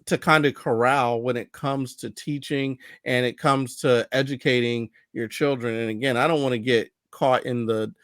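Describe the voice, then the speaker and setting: A man hosting a podcast, chatting casually and telling stories with animated voices. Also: mid-range voice, moderate pace, hardly any pauses, no room sound, clean studio sound. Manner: animated storyteller, acts out voices. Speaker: podcast host. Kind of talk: casual conversation.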